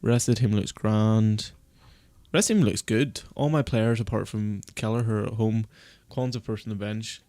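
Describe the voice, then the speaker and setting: A man on a casual live stream, panicking and berating himself in a fast-swinging, swearing ramble. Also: fairly low pitch, steady tone, warm tone, no room sound. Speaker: fantasy football streamer.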